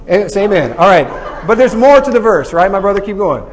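Energetic man leading a Bible study. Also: high-pitched, fairly quick, in a large hall. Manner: energetic, joking, asks "right?" often. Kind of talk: lively group Bible teaching.

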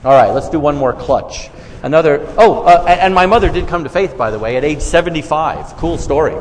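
A man's voice: fairly high pitch, expressive, a little fast. A man from New York with a New York accent, telling stories to an audience in a self-deprecating, conversational way. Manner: self-deprecating, storytelling with quoted dialogue. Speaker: speaker on faith conversations. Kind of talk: talk to a live audience. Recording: long hall reverb, faint room noise.

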